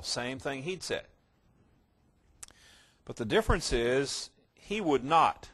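A man preaching a sermon in a voice a little higher than most men's. He retells the story in his own words, sometimes soft and reflective, then rising to loud, stressed lines. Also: animated, a little slow. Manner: storytelling, swings from quiet reflection to loud emphasis.

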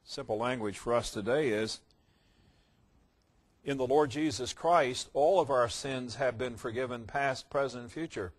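A man preaching a sermon, telling a parable in his own words and swinging between quiet reflection and loud emphasis. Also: medium pitch, measured pace.

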